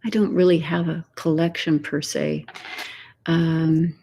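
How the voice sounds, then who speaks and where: An older woman hosting a soft-spoken ASMR live chat from her home, greeting viewers and often slipping into a whisper. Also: low-pitched, flat delivery, vocal fry, background noise. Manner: soft and unhurried, slipping into whispers while reading viewer comments. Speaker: ASMR host. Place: home, Texas.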